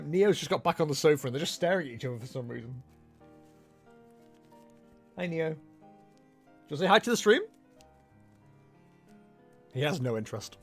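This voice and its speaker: A man's voice: on the high side, a bit bright, dry recording. A man casually chatting to his stream from home, teasing his viewers with playful mock outrage. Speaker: livestream tournament commentator.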